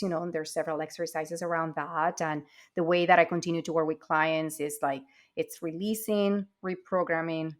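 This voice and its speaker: Woman, guest on a podcast, upbeat and sure of herself, lowish voice. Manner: upbeat, confident, animated. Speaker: guest, acting coach. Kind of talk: casual interview chat.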